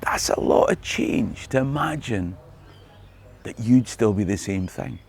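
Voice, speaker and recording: Man, Scottish accent, middle-aged, gravelly, a bit husky, wry scripted monologue. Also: lowish voice, lively intonation, measured pace, darkish tone. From Scotland. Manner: wry, joking storyteller. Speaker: history tour guide.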